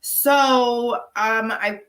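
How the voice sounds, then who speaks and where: A woman co-hosting a casual livestream Q&A from her farm, telling stories in a chatty, animated way. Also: a little high, very slow, reverberant, poor audio. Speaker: farm co-owner and livestream host.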